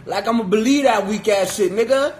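High-voiced man ranting on a phone livestream. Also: a little fast. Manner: taunting, profane, repetitive street talk. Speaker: livestreamer calling out rivals. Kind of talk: angry livestream rant.

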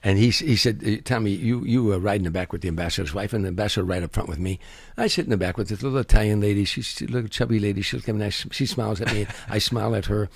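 Older male comedian guest, husky voice, acts out every character, dry close sound. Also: on the low side, quick pace, hardly any pauses, no room sound. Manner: acts out other people's voices and sound effects, lively storyteller. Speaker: comedian guest telling stories. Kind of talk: animated anecdote telling.

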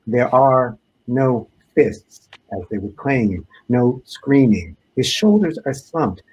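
A man, an author, reading aloud from his own book in a measured, deliberate way. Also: medium pitch, expressive, darkish tone, husky, low-quality recording.

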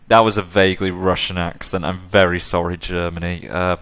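A man's voice: low voice, level tone, a little fast, hardly any pauses, a bit bright, clear, resonant tone. A man hosting a let's play, reading the game aloud and joking about himself. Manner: self-deprecating, offhand. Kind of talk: casual gameplay commentary and reading.

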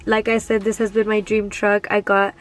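A woman in her twenties talking in a casual vlog, gushing and excited, full of "like" and "oh my god". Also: mid-range voice, moderate pace, soft background music. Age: 20s. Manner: sleepy early-morning whisper. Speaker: vlogger.

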